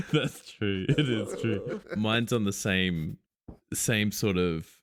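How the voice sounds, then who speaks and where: Young guy, lowish voice, talks real slow, dry close sound, joking around. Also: huge pitch swings, no room sound. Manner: slow, drawling, jokey, swears. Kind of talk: casual quiz banter among friends.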